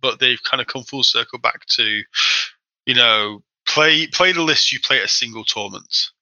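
A man telling a story in a casual podcast chat, quick and animated, acting out the people he quotes. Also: mid-range voice, no echo, rough recording. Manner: fast, animated anecdote-telling with acted-out quotes. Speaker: podcast guest.

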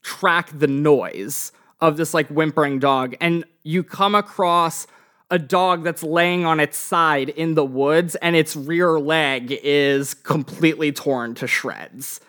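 A man's voice: a little high, fairly bright tone. Man as a laid-back game master narrating a tabletop game. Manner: casual, halting with fillers.

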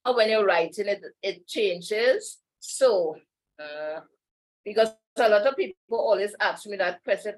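A woman's voice: mid-range voice, unhurried, rough recording. A woman talks as a podcast guest, easy and meandering. She drifts from one thought to the next and laughs often. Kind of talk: casual interview chat.

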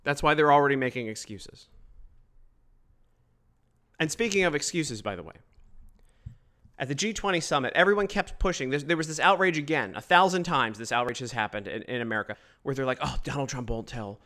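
A man giving opinionated solo political commentary, emphatic and quick to mock others. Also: a little high. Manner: emphatic, animated, mocking quoted voices.

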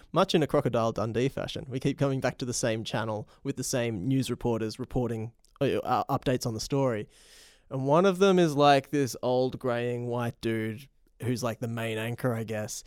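A man's voice: mid-range voice, darkish tone, clear, resonant tone. A man in casual conversation about a movie, offhand and swearing lightly.

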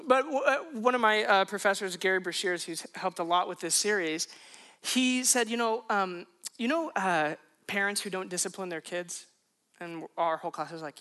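A man preaching a sermon to a congregation, conversational and animated, breaking into emphatic punchlines. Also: high voice, moderate pace. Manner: conversational, self-questioning asides. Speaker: pastor.

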